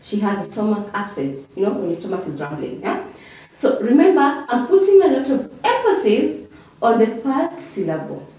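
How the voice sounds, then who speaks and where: A woman's voice: a little high, big pitch swings, moderate pace, dark tone. A woman teaching an English revision lesson. She talks patiently and repeats each word for pronunciation drills, often checking in with "okay?". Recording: echoey room, voice from a distance.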